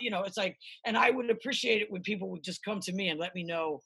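A woman's voice: a little high, brisk, breathy edge. A middle-aged woman from the United States, a musician telling stories in a casual interview, rambling and swearing freely. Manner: rambling, profane, animated storytelling.

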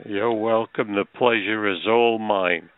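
A man on a phone line, talking slowly and politely in a mumble. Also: fairly low pitch, steady tone, a little hiss or hum. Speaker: caller.

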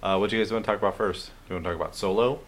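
A man hosting a podcast, steering the talk with quick questions. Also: on the low side, steady tone, a loud crowd. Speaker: podcast host. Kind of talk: casual chat.

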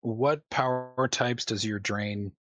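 A man's voice: medium pitch, steady tone, slow pace, fairly bright tone, no room sound. A man running a tabletop game as game master, hesitant with many restarts.

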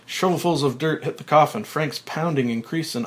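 A man hosting a podcast, reading a screenplay's stage directions aloud in a plain, even way with small slips. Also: a little high, normal speed. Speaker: podcast host.

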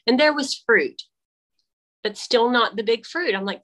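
Bright-voiced woman telling a faith story. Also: mid-range voice, moderate pace, poor audio. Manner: animated storytelling, acting out dialogue with restarts. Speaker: guest. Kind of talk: faith testimony in casual conversation. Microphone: AirPods.

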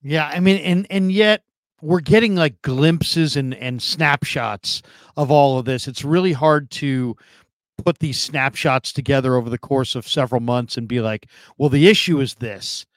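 A man hosting a sports talk show, chatting casually and asking questions, with frequent pauses to think. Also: mid-range voice, dry recording. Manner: conversational, asks questions, hesitant fillers. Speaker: host.

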